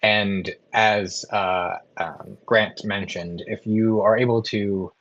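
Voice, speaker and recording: A man narrating as game master, halting with frequent ums and restarts. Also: on the low side, fairly even intonation, fairly bright tone, highs cut off.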